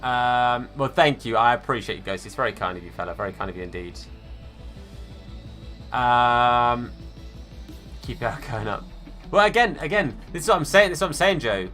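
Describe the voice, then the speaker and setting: A man's voice: medium pitch, animated, normal speed, pauses often, pushed and bright, soft background music. A man live-streaming a football game, chatting casually and answering viewers by name, calling them mate and fella.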